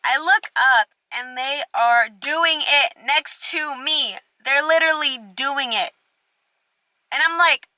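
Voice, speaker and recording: Chatty young woman, bright and blunt. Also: high voice, normal speed, dry recording. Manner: chatty, fillers of "like", candid and blunt. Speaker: vlogger. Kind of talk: casual storytime.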